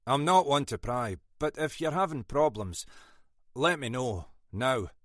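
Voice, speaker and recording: A man's voice: mid-range voice, expressive, a little slow, fairly bright tone, no echo, voice pushed up. A man voicing a brusque, scolding older Scottish male detective inspector in an audiobook. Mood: stern. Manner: brusque, scolding, dry wit. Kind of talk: audiobook character voice.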